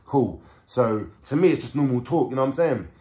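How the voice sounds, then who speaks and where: A man's voice: medium pitch, expressive, brisk, mellow. London man telling a street story. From England. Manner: street slang, swearing, frequent "you know what I'm saying". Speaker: vlogger. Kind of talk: casual storytelling.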